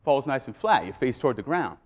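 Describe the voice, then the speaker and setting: A man voicing a steady male skydiving instructor who gives firm, instructive orders. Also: mid-range voice, a little fast. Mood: instructing.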